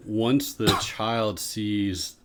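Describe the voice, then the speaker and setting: A man co-hosting a podcast, explaining ideas in a measured, calm way during a casual discussion. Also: fairly low pitch, slight background noise. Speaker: podcast co-host.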